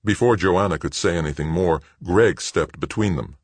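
Male audiobook narrator, deep and husky, dry close read. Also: normal speed, no room sound. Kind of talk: scripted narration.

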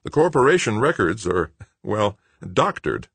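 A man's voice: fairly low pitch, very animated, measured pace, a bit bright, no room sound, pitched above the performer's own voice, heavily acted. A man voicing a blunt, resigned older male space miner who is dying, in a storybook reading. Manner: gruff and resigned.

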